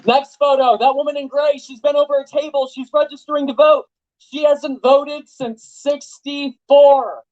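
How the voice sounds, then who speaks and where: A young man giving an animated, joking rally speech to a live audience, full of rhetorical questions. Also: extremely high pitch, normal speed, lo-fi sound. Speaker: political activist speaker. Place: event venue with live audience.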